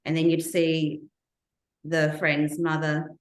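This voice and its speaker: A woman's voice: deep voice, completely flat delivery, slow, reverberant, low-quality recording. A woman as an interview guest, giving earnest, reflective personal testimony full of recalled detail.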